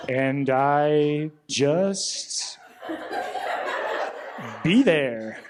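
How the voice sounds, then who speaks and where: A young man doing a stand-up comedy set in a club, telling stories deadpan and acting out the other people with quick voice shifts. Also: a little high. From Rockford, Illinois. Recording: live club recording with audience noise. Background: audience laughter.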